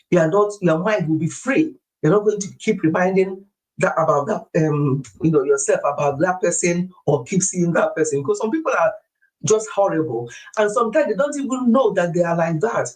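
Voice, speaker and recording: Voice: mid-range voice, a little mellow, low-quality recording. A live-stream host who gives earnest life advice, repeats key phrases for emphasis and leads a spoken prayer. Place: lives in the UK.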